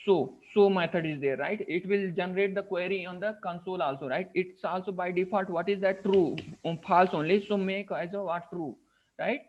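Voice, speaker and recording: A man with an Indian English accent runs a live coding class as the programming instructor, his high voice moving at a moderate pace. Again and again he asks students "what is that?" and "right?" while stepping through the work, and the screen recording sounds dull and lo-fi.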